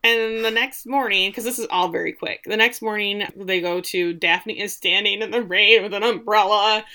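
A woman's voice: medium pitch, fairly even intonation, moderate pace, pushed and bright. A woman co-hosting a podcast, recapping an episode in a casual, chatty way, full of "like" and mocking asides.

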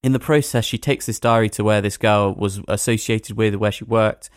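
A man with a fairly low voice talks through a film review in casual podcast chat. He rambles and hedges, piling up little fillers as he tells the story. The sound is dry and close, with no room around it. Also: steady tone, normal speed, dry recording.

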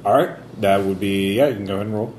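A man with a low voice runs a tabletop game, narrating scenes in a loose, rambling way full of fillers and restarts. His voice echoes in a roomy space, with a faint hiss behind it. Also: quick pace. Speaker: game master.

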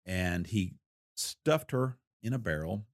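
A man's voice: on the low side, lively intonation, no echo, studio quality. Older man spinning a folksy true-crime tale. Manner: folksy, unhurried storyteller with a wry laugh. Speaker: retired federal investigator recounting a case. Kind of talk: storytelling interview.

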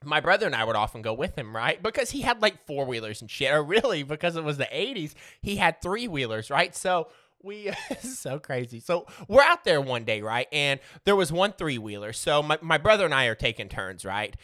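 Lively, bright-voiced man telling a story. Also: on the high side, fairly quick. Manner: profane, rambling, laughs often. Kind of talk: casual comedic storytelling.

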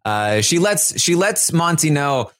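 A man co-hosting a casual chat, recapping events haltingly with many fillers. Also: on the high side, very animated, a bit bright, dry recording, clean studio sound. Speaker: podcast co-host.

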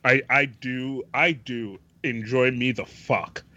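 A man's voice: medium pitch, steady tone, slow pace, bright, forceful tone. A man co-hosting a podcast in casual chat, hesitant and repeating his words. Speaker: podcast co-host. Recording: dull lo-fi mic.

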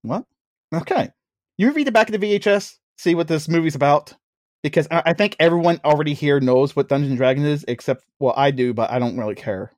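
A man's voice: a little high, a little fast, no room sound. A man hosting a casual comedic movie review chat, joking and laughing often. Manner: jokey, laughs often, teasing. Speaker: podcast host.

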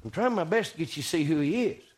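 A man preaching a folksy, storytelling sermon that swings between loud and hushed. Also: on the high side, lively intonation, fast talker.

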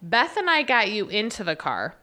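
Animated woman spinning a story. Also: mid-range voice, normal speed. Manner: animated, acts out quoted dialogue. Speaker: podcast co-host. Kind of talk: casual storytelling chat.

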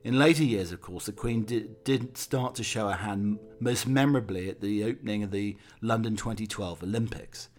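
A man narrating from a script in a steady, measured reading voice with occasional slips. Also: on the low side.

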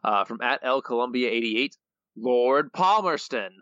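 Brief: bright, playful male podcast co-host, dry and slightly dull recording. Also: mid-range voice, animated, measured pace, dry recording. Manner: reads quotes with playful voices and laughs. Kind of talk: casual chat reading listener quotes.

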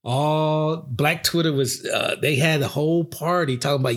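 A man's voice: a little high, normal speed, few pauses. A man co-hosting a podcast, talking in a loose, mocking way and quoting others in exaggerated voices. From Los Angeles. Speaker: podcast co-host. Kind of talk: casual chat.

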